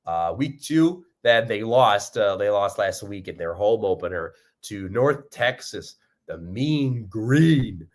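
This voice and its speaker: A man's voice: on the low side, animated, a little slow, few pauses. A young man hosting a fan podcast, rambling upbeat commentary with lots of fillers and restarts.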